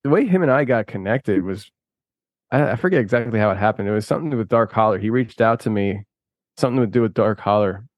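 A man with a lowish voice talks in a loose, rambling way. He laughs often and restarts his sentences as he chats. The sound is dry and close, with no room echo. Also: animated, quick pace. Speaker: podcast host and filmmaker guest. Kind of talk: casual conversation.

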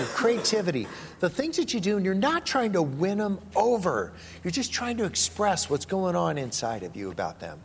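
A man giving a sermon as pastor, telling a story in an animated, playful way and acting out the quotes. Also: a little high, husky. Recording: long reverb of a large hall.

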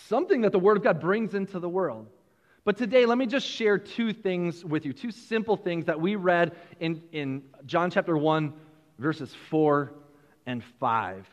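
High-voiced pastor preaching with hall reverb. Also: male voice. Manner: animated, repeats words, chuckles between points. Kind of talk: sermon.

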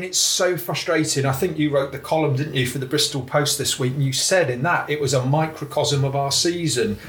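A man hosting a fan podcast, chatting casually with friends and laughing along. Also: fairly high pitch. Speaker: podcast host. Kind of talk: casual chat.

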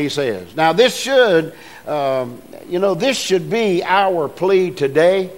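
An older man delivers a sermon in a slightly high voice, with plain, homespun phrasing. He drops to a hushed storytelling tone and then climbs into emphatic, rising preaching, often restarting his phrases. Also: animated, a little slow.

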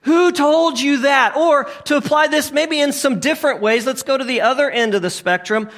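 A man preaching a sermon as a pastor. He asks emphatic, repeated rhetorical questions and swings from loud to hushed. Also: very high-pitched, normal speed.

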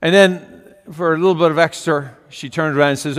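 An older man telling a folksy story as part of a homily. His voice sits fairly high, and he talks with asides and fillers. A long reverb rings through the large space. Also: steady tone, brisk, hardly any pauses. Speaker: preacher.

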